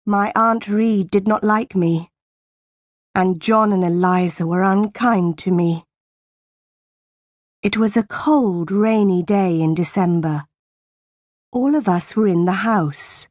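A woman narrating a graded-reader storybook in a clear, deliberate way. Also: medium pitch, darkish tone, no room sound, clean studio sound.

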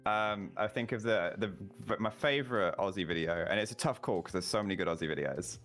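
A man's voice: low-pitched, brisk, fairly bright tone, faint music behind. A man chatting casually on a voice call while playing a game with friends, telling rambling stories with lots of fillers. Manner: rambling anecdotes with many fillers. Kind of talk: casual chat.

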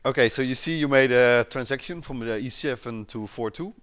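A man casually explaining a software client during a screen-share chat, pausing often with fillers. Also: mid-range voice, clean tone.

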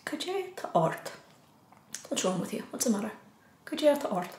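Irish woman teaching beginners, really slow, says it twice then translates, echoey room. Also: fairly high pitch, sing-song, darkish tone. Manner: repeats each phrase slowly, then gives the English. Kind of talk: slow beginner language lesson.

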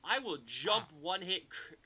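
A man giving excitable gameplay commentary, swinging from loud outbursts to quiet muttering. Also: sits high, unhurried. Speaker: gaming channel host. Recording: heavy background noise.

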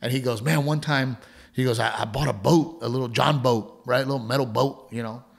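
Fast-talking and creaky, this podcast co-host keeps a medium pitch and fairly even intonation. His family story comes out casual and rambling, full of restarts, with words repeated and laughs mixed in.

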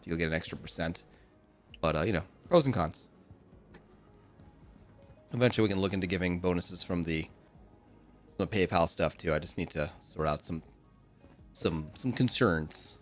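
A man hosting a game stream, calling out players in a casual, upbeat way, with soft music underneath. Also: low-pitched. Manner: upbeat, announcing players with quick asides. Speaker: game host.

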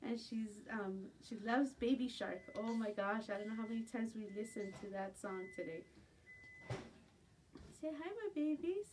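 A woman's voice: on the high side, expressive, moderate pace, a little mellow. A middle-aged woman selling jewelry on a live stream from home, chatting casually and sometimes cooing in baby talk. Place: home at night. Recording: distant phone mic with faint room noise.

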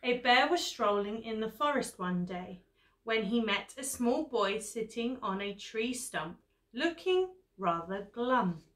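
A woman's voice: a little high, expressive, fairly bright tone. A woman teacher reading a picture book aloud to children. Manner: slow, clear storybook reading. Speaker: primary school teacher.

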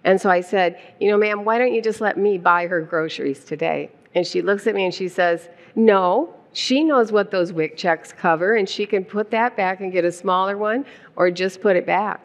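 An older woman telling a personal story on stage with animated delivery and frequent laughter. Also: medium pitch, moderate pace. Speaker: guest speaker, founder's wife. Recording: long hall reverb.

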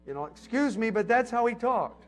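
A high-pitched man delivers a folksy sermon. His voice ranges widely, rising to loud emphatic peaks and sinking to hushed asides. He sounds middle-aged and talks to the congregation like a friend. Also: animated, normal speed. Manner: conversational preaching with emphatic swells and soft drops. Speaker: preacher.

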